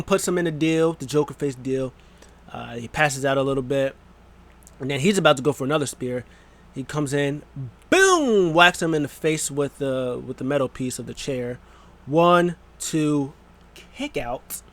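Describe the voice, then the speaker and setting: Excitable young man rambling a recap. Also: a little high. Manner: excitable, rambling, puts on quick silly voices. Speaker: wrestling vlogger. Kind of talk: casual recap vlog.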